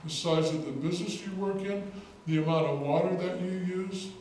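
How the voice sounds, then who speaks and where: This state legislator's voice sits high and sounds a little mellow as he speaks at a moderate pace. His rally speech is an emphatic story that repeats words for effect, recorded from a distance in an echoey hall with faint noise.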